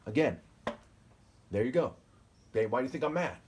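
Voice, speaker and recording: A self-styled preacher in his forties records a solo video, reading scripture and commenting on it in a combative, ranting, insulting manner while repeatedly breaking off with "okay?". His medium-pitched voice is brisk, a little mellow and lively in intonation, with slight background noise.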